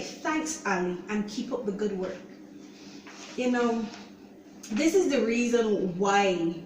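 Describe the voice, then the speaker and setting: A woman hosting her own show, giving an earnest, halting personal testimony and often saying "you know". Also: medium pitch, darkish tone, a little hiss or hum. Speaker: show host sharing her own story. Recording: roomy echo, voice distant from mic.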